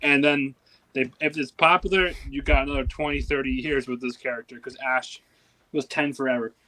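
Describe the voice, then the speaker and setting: Rambling co-host with the hiccups. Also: male voice, medium pitch, steady tone, a little fast, bright, forceful tone, rough recording. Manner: rambling, lots of "like" and restarts. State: has the hiccups. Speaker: podcast co-host. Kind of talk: casual podcast chat.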